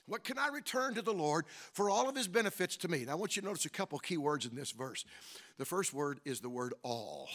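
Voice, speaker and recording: A middle-aged man preaching a sermon, asking the congregation questions and punctuating points with amens, swinging between soft and loud emphatic lines. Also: a little high, sing-song, fairly quick. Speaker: pastor.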